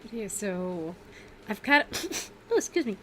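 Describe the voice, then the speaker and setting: Woman streamer, chatty and rambling, mid-pitched voice, faint hiss behind her. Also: sing-song, unhurried, sharp tone. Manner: rambling, chatty, many fillers and self-corrections; laughs often. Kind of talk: casual livestream chat.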